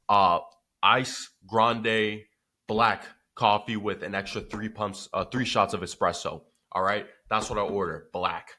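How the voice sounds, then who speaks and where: A man who runs a business telling a story in a casual vlog, animated and swearing freely with lots of filler. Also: on the low side.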